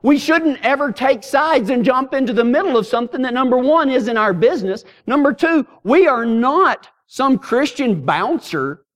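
High-voiced preacher telling folksy stories. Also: male voice, moderate pace, hardly any pauses. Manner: folksy, humorous, animated storytelling. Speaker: pastor. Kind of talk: storytelling sermon.

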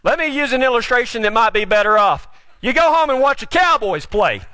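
A man's voice: very high-pitched, lively intonation, a little fast. A man preaching a folksy, joking sermon as pastor. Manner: folksy, joking, builds to shouts.

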